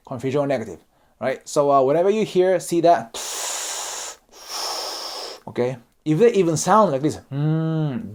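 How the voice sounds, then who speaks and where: A man's voice: fairly high pitch, dark tone. A Japanese man with a Japanese accent, speaking non-native English as he explains Japanese customs in a casual online lesson, often checking in with "okay?" and "right?". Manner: acts out example dialogues. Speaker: YouTuber explaining Japanese culture.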